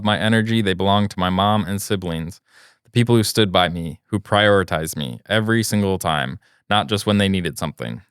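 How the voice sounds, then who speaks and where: Brief: young male podcast co-host, deep smooth voice, deadpan reader with crude asides. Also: dry recording, studio quality. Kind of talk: reading listener posts and joking.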